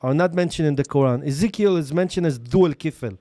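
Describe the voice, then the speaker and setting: A persistent middle-aged man with a mellow, fairly high voice keeps pressing his argument. The sound is close and dry, with no room around him. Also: a little fast, no echo. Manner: persistent, interrupts with repeated phrases. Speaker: Jewish interviewer. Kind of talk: street debate.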